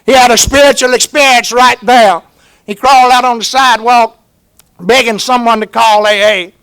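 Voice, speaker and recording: A man's voice: very high-pitched, fairly even intonation, moderate pace, a bit bright, clean tone, no room sound. A man with a Southern US accent gives a folksy, earnest personal testimony as a speaker at a recovery meeting. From Georgia, US.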